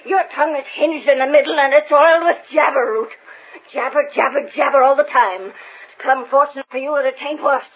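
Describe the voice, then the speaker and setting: A woman's voice: high-pitched, fairly quick. A woman playing a bossy, scolding frontier ranch woman in a folksy drawl, in a 1940s radio drama. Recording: tinny old radio recording, faint hiss.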